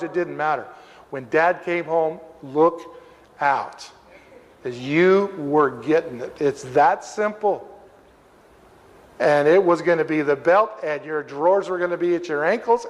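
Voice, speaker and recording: Older male pastor, high-pitched, animated and humorous storyteller, long church reverb. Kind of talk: storytelling sermon. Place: church sanctuary.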